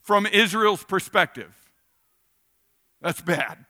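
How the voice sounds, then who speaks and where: A man preaching a weekend sermon in a casual, animated way, acting out little asides. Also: high voice, slow. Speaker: pastor.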